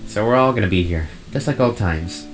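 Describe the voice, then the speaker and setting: A man with a low voice reading the lines of an eager, talkative young male lynx in a visual novel. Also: animated, a little fast, soft background music, natural voice. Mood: chatty.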